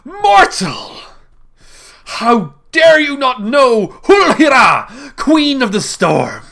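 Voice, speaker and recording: A woman voicing an imperious female fish spirit, a queen of storms, haughty and scornful, with a booming delivery. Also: very animated, takes it slowly, slightly rough, heavily acted. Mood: furious.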